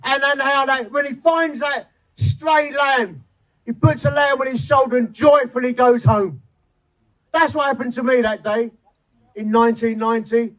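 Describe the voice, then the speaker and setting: A man's voice: very high-pitched, moderate pace, a bit bright, poor audio. A man, preaching a sermon and telling his conversion story with feeling and humor. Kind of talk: sermon testimony. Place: chapel.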